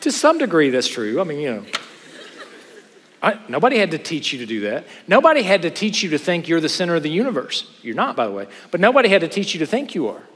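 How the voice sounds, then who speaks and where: A middle-aged man preaching a sermon to a chapel audience, animated, with joking asides and rhetorical questions. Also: fairly high pitch, quick pace, breathy edge. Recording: hall with long reverb.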